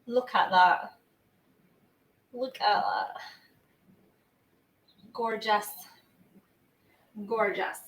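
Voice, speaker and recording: A young woman chatting to her live-stream viewers as she bakes in her kitchen, excitable and sweary, often drifting away from the mic. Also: mid-range voice, drawn-out words, pauses often. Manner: chatty, sweary and excitable, talking to chat while baking. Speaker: baking livestreamer. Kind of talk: casual live-stream chat. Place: home kitchen. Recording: echoey kitchen with faint ambience.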